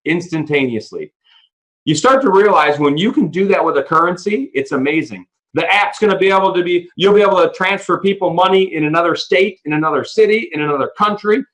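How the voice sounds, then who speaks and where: Excited man giving a sales pitch. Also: poor audio. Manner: excited storyteller, acts out quoted dialogue; talks fast, restarts sentences when fired up. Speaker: presenter pitching a business opportunity. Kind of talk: animated sales pitch on a call. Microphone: audio call.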